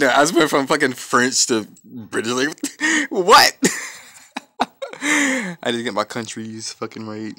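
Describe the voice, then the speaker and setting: A man giving profane, trash-talking commentary over his own gameplay, reacting loudly to each fight. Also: mid-range voice. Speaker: gaming channel host. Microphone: off-camera voice-only mic.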